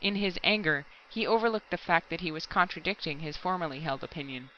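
A woman narrating a science fiction story aloud in a steady, measured audiobook reading. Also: on the low side, muffled recording, slight background noise. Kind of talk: scripted narration.

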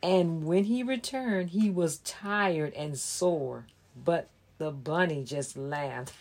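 Reading a children's story at a very slow, deliberate pace, a woman speaks with a slightly low, darkish tone. She also carefully explains holiday symbols like a presenter.

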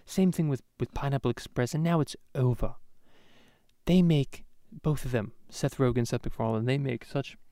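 A man's voice: medium pitch, moderate pace, dark tone, no echo, clean studio sound. A man hosting a comedy podcast, ranting and swearing in a rambling way with many restarts. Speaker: podcast host. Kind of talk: profane comedic rant. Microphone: podcast microphone.

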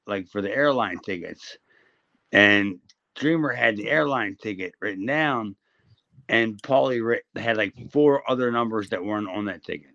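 A man's voice: on the low side, gravelly, sharp tone, dull audio. A man co-hosting a podcast in casual chat, telling a rambling story full of restarts and swearing. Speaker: podcast co-host.

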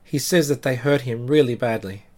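A man's voice: medium pitch, moderate pace, darkish tone, natural voice. A man voicing a frightened little girl who insists on what she saw, in an earnest, pleading way. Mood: insistent.

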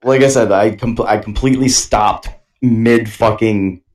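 A man's voice: on the low side, unhurried, darkish tone. A man co-hosting a podcast in crude casual chat, telling loose anecdotes with many restarts and frequent laughter. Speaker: podcast co-host.

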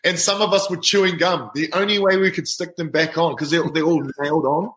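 A man's voice: a little high, steady tone, brisk, a bit bright, reverberant, a little hiss or hum, low-quality recording. A man, a rugby player telling an anecdote casually and animatedly, often breaking into laughter. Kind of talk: casual storytelling.

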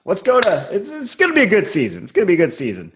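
A man's voice: high voice, huge pitch swings, very fast, a little hiss or hum. A man hosting a podcast in casual chat, sarcastic and profane, steering the topics. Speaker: podcast host.

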